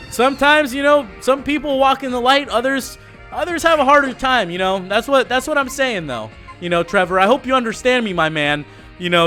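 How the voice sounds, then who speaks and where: A man's voice: very high-pitched, sharp tone. A man giving casual, laid-back commentary while playing a video game, slangy and joking. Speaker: let's play host.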